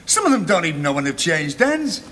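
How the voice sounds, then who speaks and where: A proud northern English football supporter with a northern accent, teasing and arguing back. His voice is bright and sharp, and it sits high for a man. It swoops wildly up and down as he argues. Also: big pitch swings, a little fast, a little hiss or hum. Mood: combative. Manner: combative, teasing, bursts of shouting. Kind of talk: 1970s television sitcom acting.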